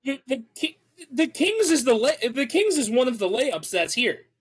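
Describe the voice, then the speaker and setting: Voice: high voice, very animated, normal speed, breathy edge, low-quality recording. Casual podcast host quizzing pals from home, teasy, stretches out reactions. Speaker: podcast co-host running a sports guessing game. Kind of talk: casual chat.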